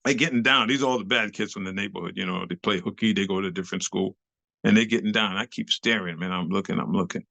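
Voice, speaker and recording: Gravelly New man telling stories. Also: low-pitched, fast, bright, forceful tone, no room sound. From New York City. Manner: slangy, acts out the voices of people in his story. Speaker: interview guest, club dancer. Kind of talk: animated storytelling.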